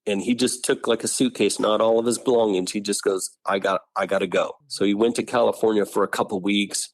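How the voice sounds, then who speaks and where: A middle-aged man telling his own family story in an interview, animated, often acting out what people said. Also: lowish voice, brisk, no echo. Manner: animated, acts out family members' lines.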